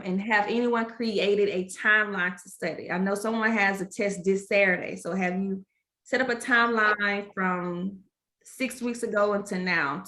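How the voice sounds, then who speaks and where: A woman's voice: medium pitch, bright, forceful tone, reverberant. A woman presenting an exam-prep workshop, talking casually and encouragingly with lots of fillers. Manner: encouraging, conversational, many fillers. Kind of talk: informal workshop teaching.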